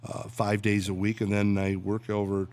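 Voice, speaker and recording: A man's voice: on the low side, little pitch movement, normal speed, darkish tone. A man who works in radio and voiceovers, a guest chatting casually and telling jokes with acted voices. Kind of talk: casual chat and joke-telling.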